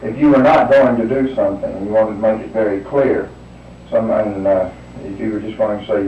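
A man's voice: on the low side, steady tone, a little fast, mellow, a little hiss or hum. A man interviewing someone, hesitantly prompting answers with example sentences. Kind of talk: dialect survey questioning. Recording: roomy, distant mic.

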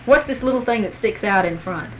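A woman's voice: medium pitch, expressive, a little fast, fairly bright tone, low-quality recording. A woman interviewer with a mid-range voice asks patient questions and leaves sentences open for the answer. A faint noise hangs under her voice. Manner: patient, prompting with unfinished sentences. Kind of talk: dialect survey interview.

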